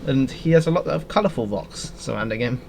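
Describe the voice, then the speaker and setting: A man's voice: medium pitch, lively intonation, brisk, vocal fry, darkish tone, slight background noise. A man narrating as game master on a voice call, hesitant and full of fillers, often laughing. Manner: hesitant, many fillers, giggly. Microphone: headset or desk mic on a call.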